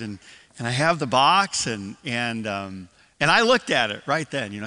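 A man's voice: on the high side, very animated, normal speed, sharp tone, big-room sound. An older man from Michigan preaching an evening sermon as pastor, telling a story with many restarts and asides. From Michigan, USA. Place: church sanctuary.

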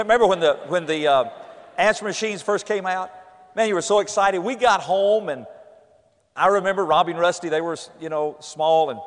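A middle-aged man with a North Carolina accent, preaching a storytelling sermon in a church and acting out the voices in his stories. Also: high voice. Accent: Southern US, North Carolina. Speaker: pastor. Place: church, indoors. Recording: echoey church hall.

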